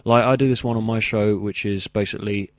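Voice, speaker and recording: A man's voice: fairly low pitch, fairly even intonation, fairly quick. A man co-hosting a podcast, wry and rambling in casual chat. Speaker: podcast co-host. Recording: noisy home recording.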